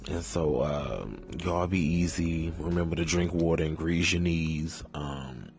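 A man hosting a podcast, delivering a sassy, drawn-out casual commentary full of cursing. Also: a bass voice, faint music behind. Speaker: podcast host.

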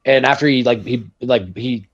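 A man chatting casually about a movie with friends, swearing often and acting out lines from it with excitement. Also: mid-range voice, moderate pace, dull audio. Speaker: podcast co-host.

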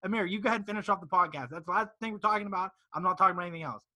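A man's voice: high voice, very fast, bright, forceful tone. A man co-hosting a casual sports podcast, ranting emphatically. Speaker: podcast co-host.

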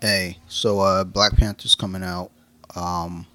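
American dude cohosting a podcast, cracks jokes, swears, does little voices for quotes, laughs a lot. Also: male voice, low-pitched, little pitch movement, slow pace, sharp tone, slight background noise. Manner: jokey, profane, acts out quotes, laughs often. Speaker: podcast co-host. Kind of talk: casual chat.

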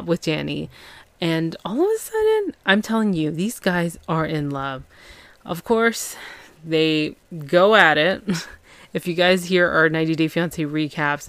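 A woman's voice: low-pitched, smooth, dry recording. A woman hosting a casual TV recap podcast, chatty and full of fillers, paraphrasing the characters as she goes. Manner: chatty, filler-heavy, quotes characters loosely. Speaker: podcast host.

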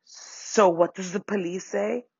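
A young adult woman telling a funny personal story in a casual, animated way, swearing freely and acting out the voices of people in it. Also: medium pitch, takes it slowly, breathy edge, no echo, dull audio. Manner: animated, profane, acts out quoted voices.

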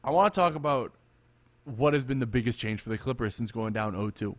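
A man co-hosting a casual sports podcast, animated and quick to laugh, often repeating himself. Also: mid-range voice, no room sound. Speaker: podcast co-host.

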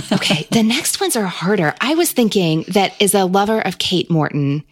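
A woman's voice: medium pitch, expressive, normal speed. A woman hosting a podcast, chatting enthusiastically about books with frequent asides, recorded close on a studio mic. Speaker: podcast host recommending books. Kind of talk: casual conversational interview.

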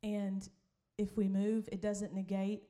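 Animated woman pastor telling a story. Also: mid-range voice, slow. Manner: animated, laughing, acts out voices in stories. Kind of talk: sermon storytelling.

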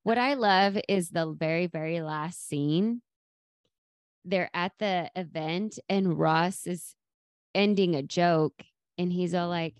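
A woman's voice: on the low side, slow, clean tone, dry recording. A woman co-hosting a podcast, chatting casually about a sitcom episode and acting out quoted lines. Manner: lively, acts out quoted lines with laughter. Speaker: podcast co-host.

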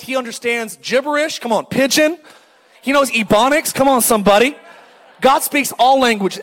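A middle-aged male pastor preaching a lively, joking sermon and calling out to the congregation. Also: sits high, big-room sound. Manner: animated, joking, calls for crowd response.

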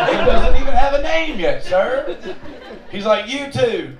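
A man's voice: high-pitched, very animated, slow pace, pauses often, a crowd in the background, background noise. A man telling a long, profane, self-mocking story on stage between songs at a live show. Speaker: singer-songwriter telling stories on stage. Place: live venue with audience. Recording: roomy live recording from a distance. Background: audience ambience.

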